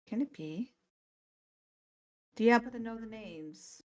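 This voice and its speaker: A woman's voice: fairly high pitch, lively intonation, a little slow, a little mellow, pitched above the performer's own voice. A woman voicing a weary, theatrical woman fortune teller who runs an antique shop, sighing and calling people dear. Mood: intrigued. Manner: sighing, calls others "dear".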